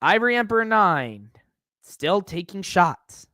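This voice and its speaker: Streamer, male, higher voice, clean dry mic, mocking chat-reader. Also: very animated, unhurried, pushed and bright, no room sound. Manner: sarcastic, mocking, reads chat aloud. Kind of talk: live-stream reaction commentary.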